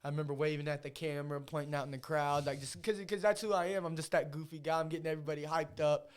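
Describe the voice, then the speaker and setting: A man's voice: a little high, fairly even intonation, very fast, clear, resonant tone. A man, a fighter guest on a podcast, telling emotional stories in casual, heavily profane chat.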